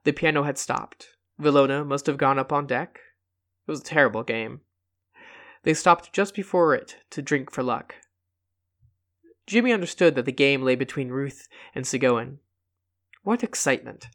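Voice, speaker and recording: A man reads a short story aloud at a mid-range pitch. He narrates steadily and lifts the quoted lines with extra emphasis. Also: expressive, normal speed, pauses often, fairly bright tone. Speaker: reader.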